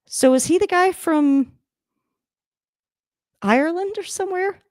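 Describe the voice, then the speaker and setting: A woman's voice: very high-pitched, measured pace, no echo, clean studio sound. Chatty woman reacting live to football. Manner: chatty, rambling, laughs often, sudden excited outbursts. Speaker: livestream host reacting to a football game. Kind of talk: casual live game reaction. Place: home room, moving around the camera.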